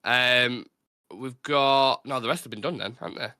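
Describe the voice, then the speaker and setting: Male quiz host, forceful and bright, quick bantering delivery. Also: mid-range voice, dry recording, clean studio sound. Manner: quick banter, reads out answers. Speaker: podcast host running a football quiz. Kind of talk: casual chat.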